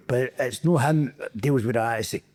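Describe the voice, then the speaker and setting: A man's voice: medium pitch, a little slow, a little mellow. A middle-aged man with a Scottish accent, a podcast guest telling football anecdotes in casual chat, acting out quotes and laughing often.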